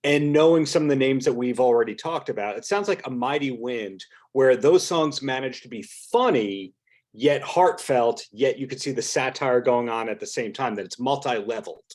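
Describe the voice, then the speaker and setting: Brief: male podcast host, mid-pitched, polite and measured on a video call. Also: a little mellow. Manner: polite, measured, thoughtful questions. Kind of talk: interview questions.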